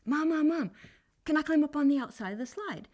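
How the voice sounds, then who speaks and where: A woman voicing an excited four-year-old boy insistently calling for his mother. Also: high voice, a little fast, voice pushed up. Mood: eager.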